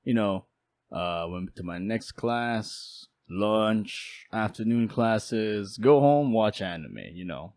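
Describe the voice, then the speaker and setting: A young man casually telling a personal story in a lively, jokey way, with quick asides. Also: lowish voice, no echo. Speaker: storytelling YouTuber.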